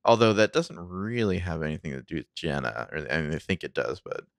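A man with a very deep voice retelling a TV episode on a recap podcast. He talks in a relaxed, wry way, full of "like" and small laughs. The sound is close and dry. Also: brisk, vocal fry, dry recording. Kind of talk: casual chat, narrating scenes.

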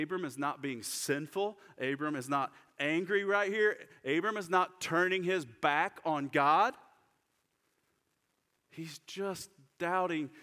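A man preaching a sermon to his congregation, shifting from lively urgency to hushed, slow prayer. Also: on the high side. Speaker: pastor. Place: church sanctuary. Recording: church hall reverb.

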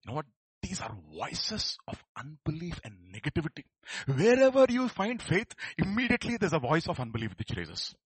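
Male preacher, bright, husky voice, very lively pitch, dry sound; builds to fervent shouting. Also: brisk, no echo. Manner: animated, rising to fervent shouts. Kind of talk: sermon.

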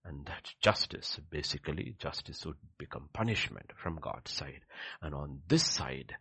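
A man preaching a sermon with emphatic rhetorical questions, swinging between loud declarations and hushed asides. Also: extremely low pitch, animated, measured pace, gravelly, slightly rough, no room sound.

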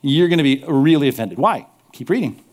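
A male pastor preaching a sermon, animated, slipping into mocking apologetic asides. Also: fairly high pitch, a little fast.

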